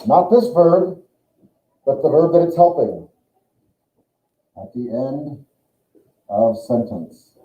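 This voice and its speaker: A man's voice: medium pitch, sing-song, slow pace, pauses often. A man teaching a German grammar class, explaining step by step and thinking aloud. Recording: echoey room on a tinny lo-fi recording.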